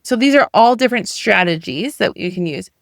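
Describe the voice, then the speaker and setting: A woman's voice: mid-range voice, animated, a little fast, creaky, no echo, clean studio sound. A middle-aged woman coach giving a motivational talk in a conversational way, full of rhetorical questions. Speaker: weight loss coach.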